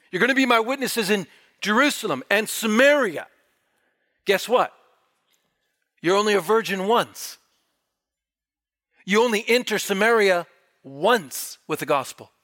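A man preaches a sermon, reading scripture aloud and pressing the congregation with emphatic rhetorical questions. His voice sits high with a fairly bright tone.

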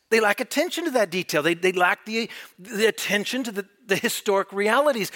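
A man's voice: high voice, sharp tone. A man preaching a sermon, reading scripture aloud and pressing the congregation with emphatic rhetorical questions.

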